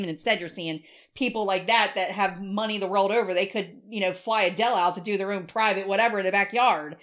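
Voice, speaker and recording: A middle-aged woman co-hosting a podcast, telling an animated story in casual chat, swearing freely and acting out other people's voices. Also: mid-range voice, quick pace. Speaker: podcast co-host.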